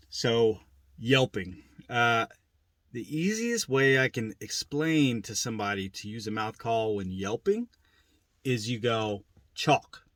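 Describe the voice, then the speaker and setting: A man's voice: mid-range voice, fairly bright tone, no echo. Casual guy explaining turkey calls, repeats himself, dry recording. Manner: plain-spoken, repeats points, imitates turkey sounds. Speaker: turkey hunting instructor. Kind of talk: casual instructional demo.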